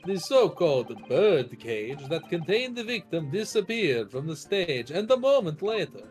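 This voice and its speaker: A man reading as a calm prosecutor. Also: a little high, measured pace, faint music behind. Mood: explanatory. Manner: calm, explanatory.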